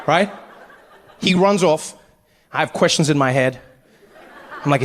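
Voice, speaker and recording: A man doing stand-up storytelling in a big theater, animated and jumping between voices. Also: fairly high pitch, normal speed, pauses often, a little hiss or hum. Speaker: stand-up comedian. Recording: live hall with long reverb.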